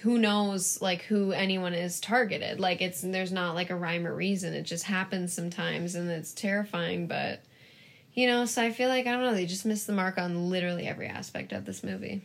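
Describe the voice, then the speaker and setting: A woman's voice: fairly low pitch, moderate pace, gravelly. A young woman co-hosting a podcast, chatting casually and rambling through a film retelling with lots of fillers. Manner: rambling, heavy use of "like", animated retelling. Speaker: podcast co-host. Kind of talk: casual chat.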